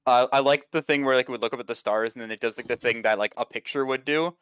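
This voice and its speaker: A man's voice: medium pitch, fairly even intonation, quick pace, a bit bright, smooth, no echo. A man co-hosting a podcast in casual chat, laid-back and wry, with lots of fillers. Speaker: podcast co-host.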